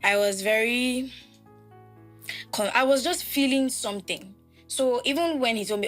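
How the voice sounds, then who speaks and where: A woman's voice: on the high side, slow, soft background music. Reflective young woman recalling grief. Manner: reflective, animated when quoting people. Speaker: podcast host. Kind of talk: emotional personal storytelling.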